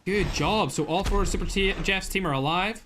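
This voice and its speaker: A young man giving live esports commentary as a streamer, excitable and full of exclamations, chatting with his viewers as he calls the action. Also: high-pitched, brisk, noisy background. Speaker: streamer casting a mobile shooter tournament.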